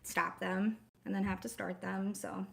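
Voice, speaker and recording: A woman's voice: mid-range voice, level tone, measured pace, creaky. A woman in her thirties with a Wisconsin accent, chatting casually as co-host of a live stream. She tells stories in a loose, easy way and laughs often. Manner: chatty, storytelling, laughs easily. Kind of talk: casual chat.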